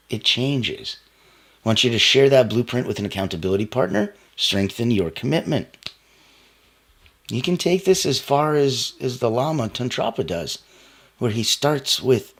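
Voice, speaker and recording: A man giving a motivational talk, coaching listeners directly in an emphatic, animated way. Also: medium pitch, breathy edge. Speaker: motivational speaker.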